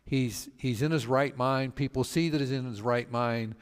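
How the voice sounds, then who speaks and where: A man, a pastor, teaching a Bible study in a storytelling way, halting with fillers and restarts and acting out the people he quotes. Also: medium pitch, smooth, in a large hall. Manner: acts out quoted speakers with voice changes.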